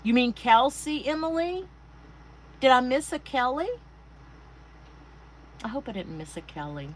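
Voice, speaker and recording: A craft livestream host with a Southern accent, this middle-aged Texas woman has a high-sitting voice, lively intonation, and an unhurried pace. She chats casually and greets viewers by name over a rough recording with faint air conditioner hum.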